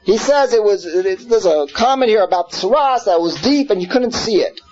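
A man's voice: high voice, expressive, normal speed, a little mellow, lo-fi sound, soft background music. A man teaching a scripture class in an earnest way, repeating words and putting questions to his listeners. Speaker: Torah teacher.

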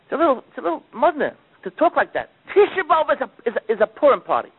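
A man giving a sermon with dramatic storytelling, his delivery swinging between loud outbursts and hushed asides. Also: extremely high pitch, very animated, fast, breathy edge. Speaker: preacher. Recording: tinny phone-like recording.

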